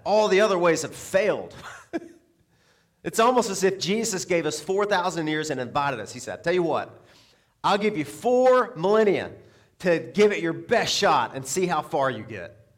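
A man preaching a sermon in a lively way, asking the crowd rhetorical questions and chuckling between points. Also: a little high. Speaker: pastor.

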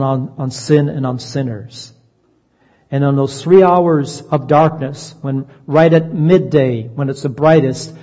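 A man preaching a sermon in an earnest voice, slowing down to stress key phrases. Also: fairly high pitch, darkish tone. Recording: dull lo-fi sound, long reverb.

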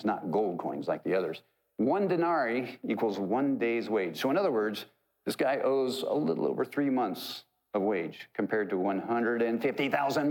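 A man with a fairly low voice delivers a sermon. He talks to the congregation conversationally, paraphrasing scripture and dropping in jokes as he goes. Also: darkish tone, rough recording. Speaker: pastor.

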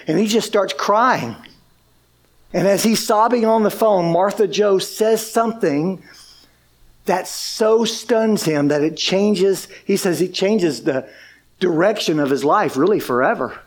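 A man preaching to his church, telling a long story with energy. His voice sits high, and he drops into the voices of the people he describes. The delivery keeps shifting in speed and loudness as he builds the story. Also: unhurried. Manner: animated, acts out quoted speech. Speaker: pastor. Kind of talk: sermon storytelling.

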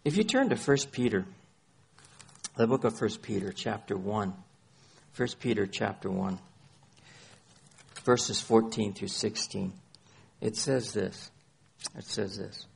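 A man's voice: on the low side, animated, slow, gravelly, long pauses, a little mellow, husky. A man preaching a sermon as pastor, citing scripture by chapter and verse and repeating phrases for emphasis.

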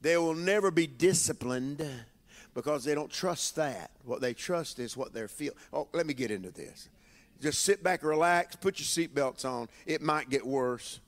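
Man preaching in a reverberant hall. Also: fairly high pitch. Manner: emphatic call-and-response preaching, drawn-out phrases. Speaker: bishop preaching. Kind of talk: sermon. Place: church sanctuary with congregation.

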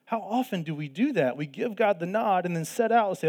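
A man's voice: sits high, expressive, a little fast, hardly any pauses, darkish tone. A man preaching a sermon in an earnest way, repeating phrases for emphasis. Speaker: pastor.

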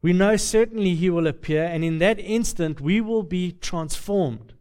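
A man preaching a sermon, with a measured, rhetorical delivery built on lists and repeated phrases. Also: high voice, a little mellow, smooth.

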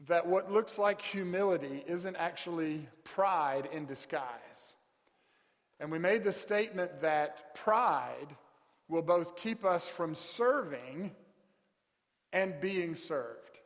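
A fairly high-voiced male pastor delivers a sermon, reading scripture and slowing to a crawl on the words he wants to land. His voice rings out with the long reverb of a big church hall. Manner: emphatic, slows right down to stress key words.

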